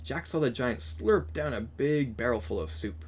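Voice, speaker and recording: A man reading a children's picture book aloud in a steady, gentle storytelling manner. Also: mid-range voice, normal speed, husky.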